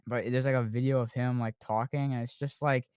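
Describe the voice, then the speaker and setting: A man hosts a casual podcast, rambling through his points with fillers and restarts. His voice is smooth and resonant. The recording is dry and a bit lo-fi. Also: medium pitch, steady tone, fairly quick, no echo. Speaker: podcast host. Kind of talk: casual chat.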